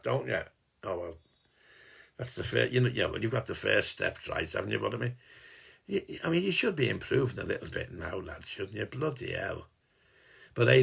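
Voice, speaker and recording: A man's voice: mid-range voice, gravelly, a bit bright, breathy edge. A man with a Liverpool accent recording a rambling, teasing personal message to one listener, dropping in mild swearing as he goes. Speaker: sender of a personal video message.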